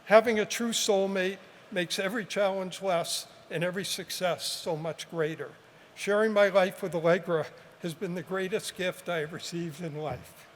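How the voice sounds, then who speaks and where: A male professor in his seventies, his voice high for a man, gives a measured, heartfelt commencement address with gentle humor and a steady tone. He speaks into a podium mic at an outdoor ceremony, where a long, lingering reverb and faint background noise trail his words.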